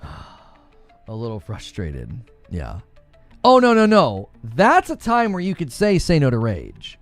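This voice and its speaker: Animated man chatting on a livestream. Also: sits high, takes it slowly, faint music behind. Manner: jokey, laughs often, reads chat aloud. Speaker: livestream host. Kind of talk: casual livestream chat.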